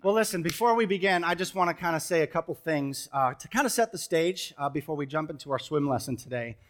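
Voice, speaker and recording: A man in his thirties preaches from a church stage in a fairly high voice. He tells stories with a joking touch and breaks into sudden loud bursts. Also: expressive, fast talker. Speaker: pastor. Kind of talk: sermon with storytelling. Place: church stage before a congregation.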